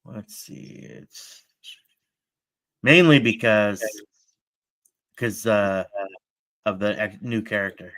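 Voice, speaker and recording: A man's voice: on the low side, slow pace, gravelly, long pauses, a bit bright, no echo. A man hosting a casual podcast, chatting in a laid-back, rambling way that often trails off. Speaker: podcast host. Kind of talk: casual chat reacting to trailers.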